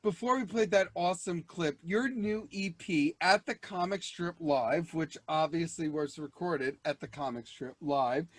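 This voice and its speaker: A man hosts a comedy show over a video call and introduces his guest with enthusiastic, gushing praise. His voice runs high, and the sound is dry and close, with no room around it. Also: unhurried, few pauses, dry recording. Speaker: show host.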